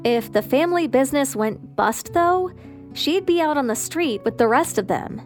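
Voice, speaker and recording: A woman narrating a dramatic family story in a scripted, even storytelling delivery. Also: high voice, moderate pace, faint music behind.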